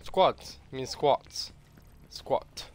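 A man's voice: very slow, heavy background noise. A male streamer on a live gaming stream, barking playful mock-menacing commands at another player. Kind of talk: live gaming stream with bossy role-play. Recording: game sounds and gunfire behind.

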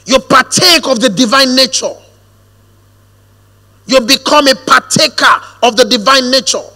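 A man preaching a sermon, shifting from hushed storytelling to a firm, drawn-out preaching cadence. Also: extremely high pitch, gravelly. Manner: storytelling, drops to hushed quoted asides, then rises to a firm preaching cadence. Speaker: pastor. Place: church auditorium. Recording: long hall reverb.

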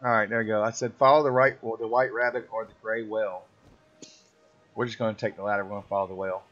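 A man with a lowish, slightly bright voice talks quickly in a level tone while gaming with friends on a stream, ribbing them in slang and putting on goofy voices. The casual chat over gameplay comes through muffled and lo-fi, with faint music behind it.

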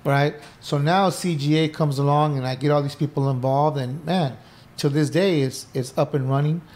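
A man's voice: a little high, normal speed. A middle-aged man, a podcast guest, tells his story in casual interview talk, acting out old conversations and swearing freely. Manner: animated, acts out quoted dialogue, swears casually. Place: indoor podcast room.

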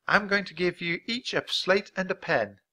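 A man reading aloud as a kind, patient woman schoolteacher on the frontier, speaking calmly and gently. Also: sits high, moderate pace, pitched above the performer's own voice, heavily acted. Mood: gentle. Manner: gentle, calm and encouraging. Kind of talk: children's audiobook reading.

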